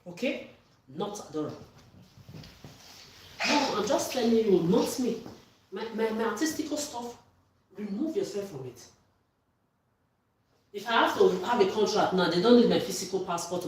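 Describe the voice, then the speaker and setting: A woman's voice: medium pitch, darkish tone. A woman vlogger delivering an angry, accusatory monologue, swearing and often raising her voice. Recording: echoey room, far from mic.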